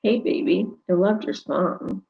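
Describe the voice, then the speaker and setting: A woman's voice: medium pitch, measured pace, vocal fry, lo-fi sound. A woman voicing a pushy, sneering drunk man who harasses a stranger at a bar. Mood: leering.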